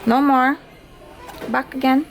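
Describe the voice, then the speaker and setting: A woman showing a baby a sound book, speaking in a gentle sing-song and imitating animal noises. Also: high voice, steady tone, slow pace, a little hiss or hum. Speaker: caregiver playing with a baby.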